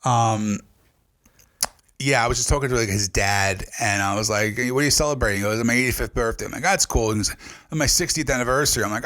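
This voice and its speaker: A male comedian swapping road stories on a podcast, loose and profane. He spits out the crude bits with relish and jumps into other people's voices as he tells it, at an ordinary middle pitch. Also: fast talker, fairly bright tone. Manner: profane, brash, acts out quoted voices. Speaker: comedian guest. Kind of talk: casual podcast chat, storytelling.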